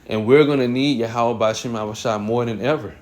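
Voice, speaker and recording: A man reading Bible verses aloud and commenting on them, often clearing his throat and restarting phrases. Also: medium pitch, a little fast, darkish tone. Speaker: Bible teacher.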